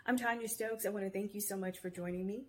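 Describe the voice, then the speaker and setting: A woman's voice: medium pitch, steady tone, fast, a little mellow. A woman hosting her own video podcast, talking casually and giving upbeat, encouraging motivational advice. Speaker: podcast host. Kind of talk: motivational self-help talk. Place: home. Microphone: video podcast camera mic.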